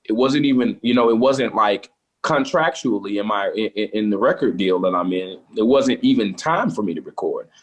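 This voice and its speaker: A man, a gospel singer, talking casually in an interview, turning animated and preacher-like when excited. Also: lowish voice, normal speed.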